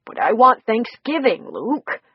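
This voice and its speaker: Reader doing a gruff big guy, raspy and breathy, simple earnest way of talking, kinda muffled sound. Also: extremely high pitch, huge pitch swings, measured pace, no echo, voice pushed up, exaggerated voice.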